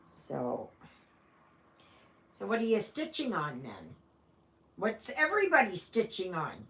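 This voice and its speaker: A woman from Canada chats on a casual stitching livestream, greeting viewers by reading their comments and rambling unhurriedly with fillers. Her medium-pitched voice swoops wildly and has a sharp tone.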